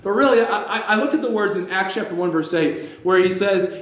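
A man preaching with a notably high voice, pressing his points by repeating phrases and restarting lines. He reads scripture in old-fashioned wording, and the sound rings around an echoey church hall. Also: fairly quick, hardly any pauses. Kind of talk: sermon.

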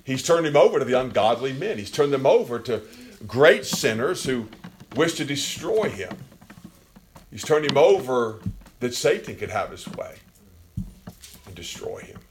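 A man preaching a sermon with passion, swinging from quiet, low passages to loud, near-shouted peaks. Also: sing-song, measured pace, long pauses, noisy background.

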